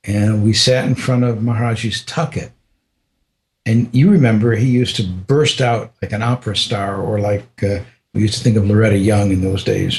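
An older American man, a podcast guest, telling a personal story in a reflective, unhurried way, with frequent restarts and small laughs. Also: on the low side. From United States.

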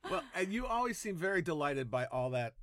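Playful host with a bright, lively voice. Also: male voice, a little high, a little fast, no echo, clean studio sound. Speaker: podcast host. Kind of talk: casual interview chat.

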